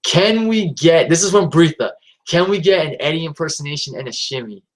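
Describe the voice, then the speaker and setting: A man's voice: a little high, lively intonation, brisk, rough recording. A man hosting a live stream in a casual, rambling way, with lots of fillers and restarts.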